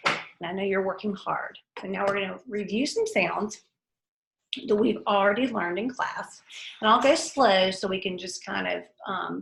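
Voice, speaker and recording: A woman teacher leading a phonics lesson for young children, saying each word slowly and clearly for the class to repeat. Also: mid-range voice, a bit bright. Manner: slow, clearly enunciated word drills. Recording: roomy echo.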